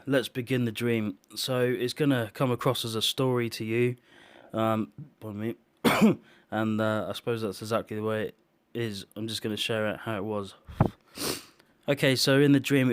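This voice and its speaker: A man's voice: on the low side, clean tone. A man recounting a dream as a personal testimony for his video channel, speaking earnestly and emotionally with frequent restarts and fillers. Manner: halting, with many restarts and fillers; emotional, solemn. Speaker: video maker sharing visions.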